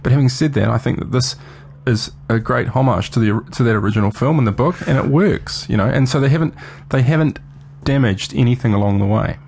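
Fast gravelly man arguing about films. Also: medium pitch, a little mellow, a little hiss or hum. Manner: opinionated, argues back, stumbles and repeats words. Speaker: film reviewer. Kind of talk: casual film review chat.

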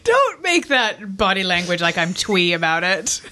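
A woman's voice: medium pitch, very animated, a little slow, pushed and bright. A woman co-hosting a casual show chat, playful and light. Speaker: show co-host who reads the news.

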